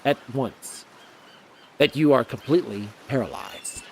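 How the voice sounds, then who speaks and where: A man's voice: medium pitch, measured pace, vocal fry, background noise. A male streamer reads a dating game aloud, commenting playfully and trying out character voices. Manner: playful, laughs at his own jokes, tries out character voices. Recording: game music behind voice.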